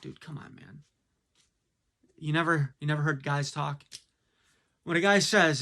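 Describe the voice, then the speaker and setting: A man's voice: a little high, measured pace, long pauses, sharp tone. A man giving a blunt, casual opinion monologue, full of fillers and rhetorical questions. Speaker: commentator.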